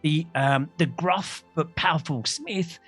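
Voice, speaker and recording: A man's voice: a little high, slow pace, fairly bright tone, husky, soft background music. Rambling man running a game. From Australia. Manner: rambling, self-mocking, stumbles over words. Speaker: game master. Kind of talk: narrating a tabletop game.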